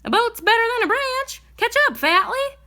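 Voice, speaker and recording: A woman putting on a spry old countrywoman from a storybook, high-pitched and bright, scolding stranded animals in brisk folksy talk. She bosses everyone around with a cheerful, no-nonsense snap. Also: expressive, exaggerated voice. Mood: bossy cheer.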